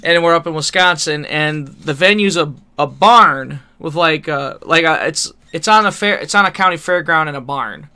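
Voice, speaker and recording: This is a man with a high, tense, crisp voice, telling a long story on a podcast in a loose, rambling way. He laughs often at his own tale and swears freely. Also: normal speed, hardly any pauses, pushed and bright. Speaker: podcast co-host. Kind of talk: casual storytelling chat.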